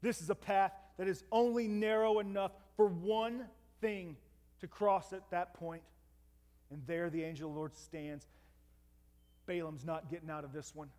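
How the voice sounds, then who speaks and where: Male preacher with a very high voice, animated storytelling sermon, long hall reverb. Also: normal speed. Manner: lively, dramatic retelling with asides to listeners.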